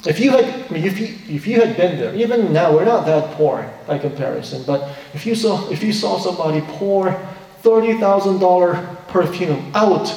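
A man's voice: sits high, expressive, normal speed, a little mellow. A man preaching a sermon, explaining a scripture story in an earnest way and asking his listeners rhetorical questions. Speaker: pastor. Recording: echoey hall from far off.

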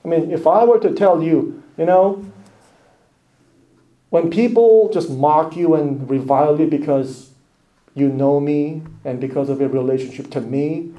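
A man preaching a sermon in a high, mellow voice. He talks emphatically, then drops into quiet asides. The room around him is echoey. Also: normal speed. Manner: emphatic, rising and dropping to hushed asides.

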